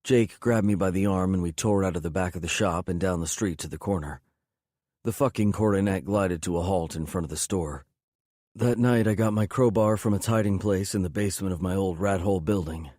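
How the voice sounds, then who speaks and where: Deep, dark-toned male audiobook narrator. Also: fairly quick, no echo, clean studio sound. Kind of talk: scripted first-person narration.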